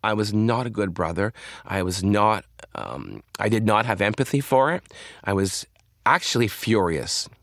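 A man speaking as an interview guest, telling a personal story candidly in a halting way with frequent restarts. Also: on the low side, lively intonation, fairly bright tone, no room sound, studio quality.

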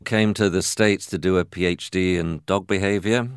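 An English man, a vet and dog trainer, answering interview questions in an animated, jokey way. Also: low-pitched, moderate pace, clean tone, no echo, studio quality. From England.

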